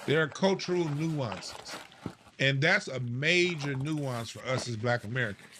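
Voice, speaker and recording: A man's voice: mid-range voice, measured pace, background noise. A man hosting a podcast, commenting on clips he plays and repeating points for emphasis. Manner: animated, breaks down clips, repeats himself for emphasis. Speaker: podcast host reacting to clips. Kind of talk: commentary over played clips.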